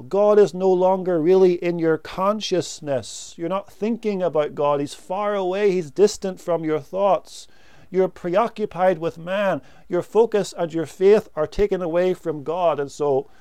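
A man delivers a sermon at an unhurried pace, his voice a touch higher than most men's and mellow. His tone is smooth and resonant, and the recording is close and dry. He stresses key words and lets phrases fall away quietly. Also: no echo. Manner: slow, emphatic preaching with rising and falling emphasis. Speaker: preacher.

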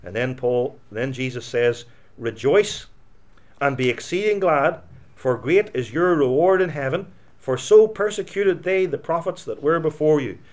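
Dynamic preaching man, loud then hushed. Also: animated, a little slow. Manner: dynamic preaching, swinging from loud emphatic to quiet and low. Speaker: pastor. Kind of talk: sermon.

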